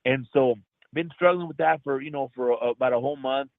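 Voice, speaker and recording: A man of middle pitch speaks earnestly and from the heart as a guest, often calling the host brother. His voice comes through a thin, tinny phone line with no room sound at all. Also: a little fast, no room sound. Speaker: guest, actor. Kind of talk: emotional personal storytelling in an interview.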